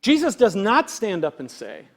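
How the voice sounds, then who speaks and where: A man, a pastor, preaching an earnest, conversational sermon full of rhetorical questions, acting out quoted voices with big swings in loudness. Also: sits high, wildly swooping pitch, normal speed.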